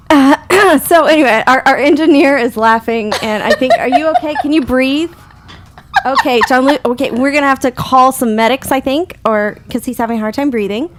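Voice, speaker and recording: A woman's voice: high voice, moderate pace. A woman hosting a radio talk show, chatting in a giggly, self-mocking, bawdy way with a slight stutter. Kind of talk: casual comedic chat.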